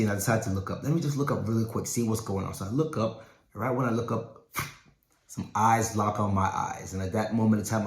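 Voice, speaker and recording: A man in his thirties giving a keynote speech as a doctor, telling a personal story and acting out the dialogue. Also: lowish voice. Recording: echoey hall.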